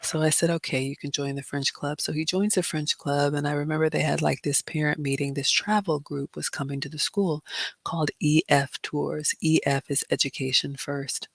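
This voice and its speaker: Chatty woman with a gravelly voice. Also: low-pitched, steady tone, moderate pace, no room sound. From immigrant. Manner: chatty, warm advice-giving with many fillers. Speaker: livestream host. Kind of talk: casual livestream Q&A.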